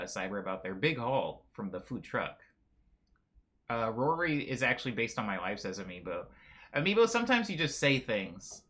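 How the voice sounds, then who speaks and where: Male streamer, bright lively voice, chatty and self-correcting while reading chat. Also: medium pitch. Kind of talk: casual chat reading viewer messages.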